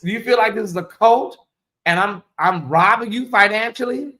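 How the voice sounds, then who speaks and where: A man hosting a casual livestream, reading viewer comments aloud and stretching out questions slowly for effect. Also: high voice, sharp tone. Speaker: livestream host.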